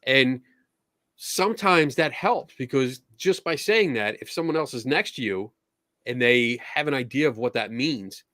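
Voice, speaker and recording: A man's voice: mid-range voice, expressive, a little slow, a bit bright, dry recording, studio quality. Easygoing man telling stories. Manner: easygoing storyteller, acts out quoted exchanges. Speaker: podcast host. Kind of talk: casual conversational chat.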